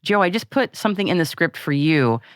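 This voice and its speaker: A woman co-hosting a podcast in casual chat, animated and laughing often, with frequent restarts. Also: lowish voice, fairly quick, no echo, clean studio sound. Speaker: podcast co-host.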